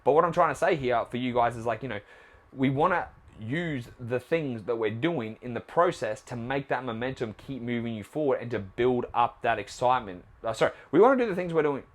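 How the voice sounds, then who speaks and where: A man's voice: medium pitch, lively intonation, a little fast. Blunt, swearing male fitness podcaster. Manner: blunt, swears often, asks rhetorical questions. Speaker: podcast host and trainer. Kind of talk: casual motivational monologue.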